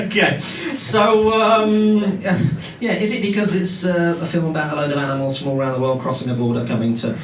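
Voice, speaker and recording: A man's voice: on the high side, fairly quick, hardly any pauses, recorded from a distance. A man in his forties doing live stand-up comedy, chatting with the audience. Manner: animated, chatty crowd work with frequent asides to the audience. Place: comedy club in a pub. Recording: roomy live club audio with loud audience laughter.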